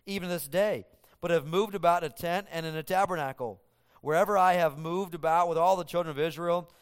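A man's voice: fairly high pitch, clear, resonant tone, big-room sound. A man preaching a sermon, reading scripture aloud and then explaining it with rising emphasis. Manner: reads scripture aloud, then paraphrases God speaking in first person with rising emphasis. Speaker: pastor.

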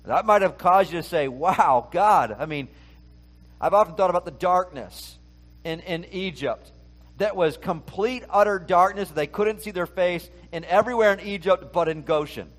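A man's voice: sits high, moderate pace, a bit bright. A male pastor preaching a conversational sermon, talking casually and asking the listeners many rhetorical questions.

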